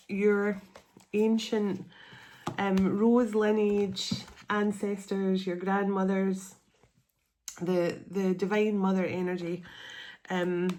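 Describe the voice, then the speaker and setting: A woman gives a heartfelt tarot reading, speaking earnestly and sounding close to tears. She lingers on key words and lets them stretch out. Her voice sits at an ordinary middle pitch. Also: mellow, a little hiss or hum. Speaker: tarot reader. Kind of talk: spiritual tarot reading to camera.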